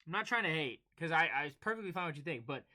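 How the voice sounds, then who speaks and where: Young male co-host, casual chat, animated storyteller, high and bright. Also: racing. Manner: animated storytelling, acting out exchanges. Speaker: podcast co-host.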